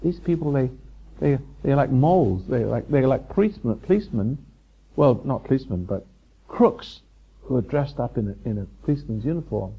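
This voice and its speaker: A man holds forth at a live seminar, circling back over his points and chuckling at his listeners. His voice is gravelly and a little husky. The tape sounds dull and lo-fi, like an old hotel-room recording. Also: medium pitch, expressive, a little fast. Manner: rambling and repetitive, chuckling, teasing the audience. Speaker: seminar speaker. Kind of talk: live spiritual lecture to an audience. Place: hotel function room before a live audience.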